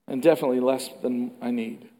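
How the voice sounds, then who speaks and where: A man preaching a sermon with animated delivery, moving between loud emphatic passages and hushed ones. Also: mid-range voice, fast talker. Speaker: pastor. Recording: long reverb of a large hall.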